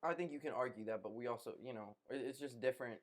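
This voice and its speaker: A man's voice: medium pitch, quick pace. A young man co-hosting a casual podcast, arguing a basketball point and repeating phrases. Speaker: podcast co-host. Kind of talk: casual sports debate.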